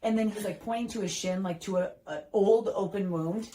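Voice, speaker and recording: A woman's voice: mid-range voice, a little fast, mellow, rough recording. A woman in her thirties, a podcast host, telling a heartfelt family story in a casual chat, with lots of fillers and restarts.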